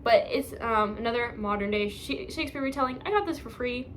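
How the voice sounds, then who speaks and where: A young woman talks through her book stack in a chatty, rambling way, laughing at her own slips. Her voice sits a little high, with a faint hiss of noise behind it. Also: brisk, a bit bright. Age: young adult. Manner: chatty, rambling, self-mocking, many fillers. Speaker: book vlogger. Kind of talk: casual chat.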